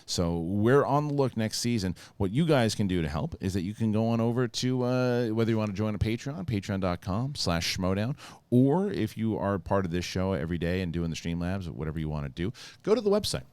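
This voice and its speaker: A quick-talking male host with a deep voice runs a live show. He reads viewer questions and pushes the show's website and tickets. The sound is dry and close. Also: darkish tone, smooth, no room sound. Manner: fast, plugging the show.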